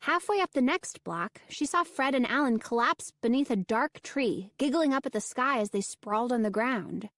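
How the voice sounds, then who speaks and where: A woman narrating a spooky children's audiobook in a measured storytelling manner. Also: fairly high pitch, animated, a bit bright, no echo, studio quality. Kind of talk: scripted narration.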